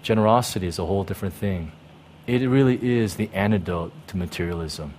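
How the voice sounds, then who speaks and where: A man's voice: low voice, fast, darkish tone, slight background noise. A pastor preaching a sermon in an emphatic way, repeating key words and often checking in with his listeners.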